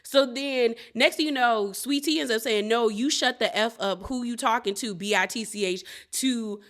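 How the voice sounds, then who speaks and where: High, bright-voiced woman recapping reality TV. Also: normal speed. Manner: animated, laughing, quotes cast members in playful voices. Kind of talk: casual recap commentary.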